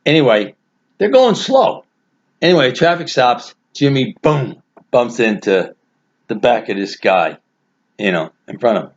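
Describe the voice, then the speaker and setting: A man casually telling a family anecdote, animated and laughing through his own story. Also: mid-range voice, a little slow. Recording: dull lo-fi recording.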